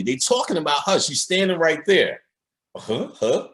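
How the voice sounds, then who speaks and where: A man's voice: a little high, sing-song, normal speed, fairly bright tone. A man giving a casual, profane commentary on a film, talking straight to his viewers as an occult lecturer.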